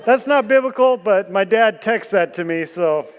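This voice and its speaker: A man preaching a sermon, animated and joking, asking the room questions and bursting into loud emphasis. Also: high-pitched, normal speed, slight background noise. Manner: animated storytelling with jokes and rhetorical questions. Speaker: guest preacher. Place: church hall. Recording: long church hall reverb.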